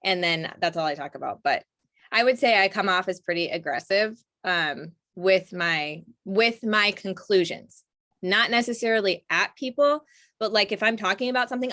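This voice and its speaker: A woman talking as an interview guest, animated and laughing often, with many restarts. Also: mid-range voice, fairly quick. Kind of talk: casual conversation.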